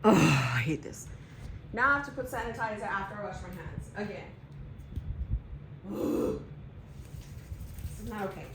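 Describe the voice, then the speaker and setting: A woman in her thirties chatting casually at home about her planner, excitable and talking to herself as she goes. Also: mid-range voice, moderate pace, pauses often, noisy background. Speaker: planner vlogger. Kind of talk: casual chat.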